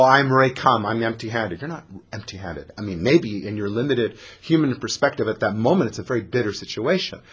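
A man teaching a lively Bible lesson as a dramatic storyteller, mixing in Hebrew and Yiddish terms. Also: medium pitch, husky. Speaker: Torah teacher.

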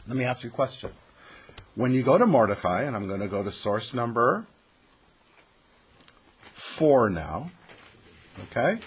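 A man's voice: mid-range voice, a bit bright. A man teaching a text study class, explaining emphatically and putting questions to his students.

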